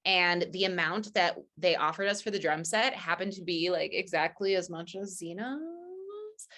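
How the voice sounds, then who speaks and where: A woman's voice: on the low side, expressive, a little slow, pushed and bright. A woman guest on a casual podcast, a chatty storyteller who fills her talk with "like" and acts out quoted lines.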